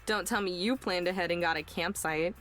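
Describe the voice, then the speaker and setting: A woman's voice: fairly quick, fairly bright tone, soft background music, lightly acted. A woman voicing a terse, guarded young woman. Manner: terse and low-key.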